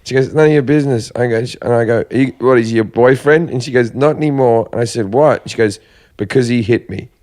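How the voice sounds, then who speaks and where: A man's voice: mid-range voice, quick pace, a little mellow. A man hosting a podcast, telling a story with lots of swearing and laughing. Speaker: podcast host. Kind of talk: crude casual chat.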